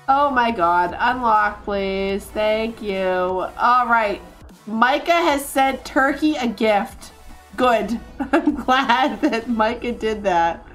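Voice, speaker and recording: A woman streamer giving excitable, laughing, exasperated commentary while playing a life-sim game. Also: sits high. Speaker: gaming streamer. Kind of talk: casual gameplay commentary.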